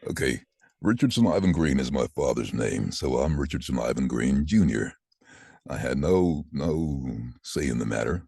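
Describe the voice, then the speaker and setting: Brief: man, 60s, extremely low husky voice, dry close mic, animated storyteller who mimics others. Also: normal speed, no room sound. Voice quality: deep voice. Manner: animated, acts out quoted voices. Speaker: voice actor guest. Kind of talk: casual interview storytelling.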